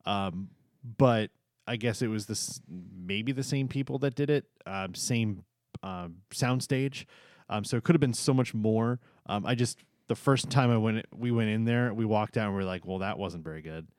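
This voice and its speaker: A man's voice: lowish voice, normal speed, darkish tone, no room sound, studio quality. A man co-hosting a podcast in casual chat, talking with frequent ums and uhs. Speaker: podcast co-host.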